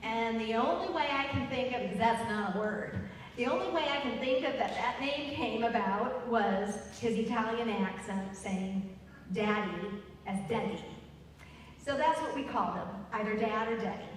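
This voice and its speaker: A middle-aged woman tells a personal story on stage, slowly and chattily, with a fairly high voice and laughter at her own jokes. She is heard from far off in a big hall full of echo. A faint hum sits under the recording. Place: large hall at a live event.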